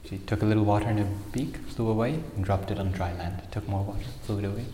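A man's voice: on the low side, fairly even intonation, fast talker, mellow, a little hiss or hum. A man giving a spiritual talk, animatedly telling a fable and sprinkling in Sanskrit terms. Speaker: spiritual speaker. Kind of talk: sermon with storytelling. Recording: echoey hall with long reverb.

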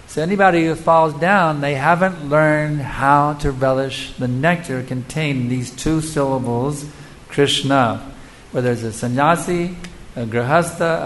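A man gives a devotional lecture and answers audience questions in an emphatic, rhetorical way, often turning to his listeners with questions. His voice sits slightly high for a man. A faint hum of room ambience runs underneath. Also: normal speed, low-quality recording.

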